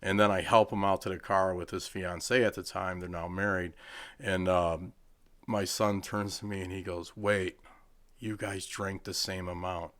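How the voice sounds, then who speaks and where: A man's voice: sits low, level tone, moderate pace. A man from Michigan, a charity CEO on a podcast, telling funny stories and acting out what people said. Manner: jokey, acts out quotes in different voices. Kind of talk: casual comedic storytelling.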